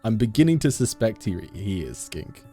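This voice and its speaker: A man's voice: lowish voice, sing-song, normal speed, mellow, faint music behind. A man live-streaming a game, chatting casually with viewers in a goofy, self-mocking way.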